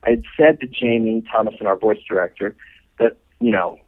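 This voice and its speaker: A middle-aged man, a show's co-creator, telling anecdotes as a guest in a podcast interview, animated and full of fillers. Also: lowish voice, fairly quick, creaky. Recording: tinny phone-like line.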